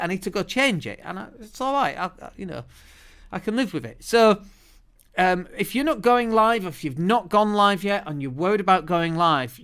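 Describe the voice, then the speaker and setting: British male podcast host, fairly high, smooth resonant voice, lively chatty delivery, studio mic. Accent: British English. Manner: chatty, lively, often restarts words. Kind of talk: solo podcast monologue. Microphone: studio microphone.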